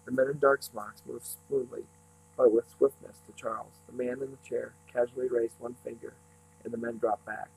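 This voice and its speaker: A man reading a novel aloud in a steady, unhurried way, now and then slipping and starting a phrase over. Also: medium pitch, gravelly, husky, low-quality recording. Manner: steady, unhurried reading with small slips and restarts. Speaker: reader.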